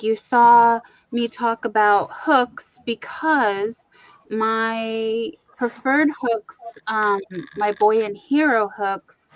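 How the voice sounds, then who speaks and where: Woman, crochet livestream host, casual chat, unhurried, reads viewer comments. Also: on the high side, no room sound, highs cut off. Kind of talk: casual chat to a live audience.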